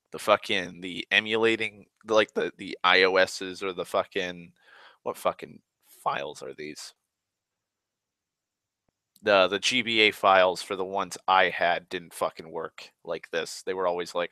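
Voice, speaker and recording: Guy rambling and ranting, lowish bright voice, swears a ton, dry close mic. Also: a little slow, pauses often, clean tone, no echo. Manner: profane, animated ranting. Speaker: vlogger. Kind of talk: rambling casual monologue.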